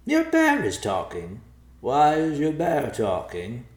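A man's voice: on the high side, huge pitch swings, slow pace, voice pushed up, heavily acted. A man voicing an aloof male vulture, bemused and drawling. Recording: roomy echo.

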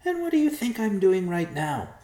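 A man's voice: high-pitched, wildly swooping pitch, normal speed, warm tone, voice pushed up. A man voicing a small, smug male white mouse who talks down to everyone sarcastically. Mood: snide. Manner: sarcastic, superior, indignant. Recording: roomy echo.

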